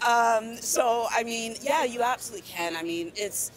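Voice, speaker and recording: A woman's voice: on the high side, moderate pace, rough recording. A woman eclipse chaser interviewed live, tearful and emotional as she talks.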